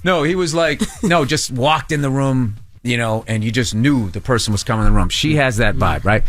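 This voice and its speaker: A man's voice: medium pitch, moderate pace. A man, a comedian guest, telling stories in a casual radio studio interview, acting out quotes and swearing freely. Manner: animated storyteller, acts out quotes, swears. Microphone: studio mic.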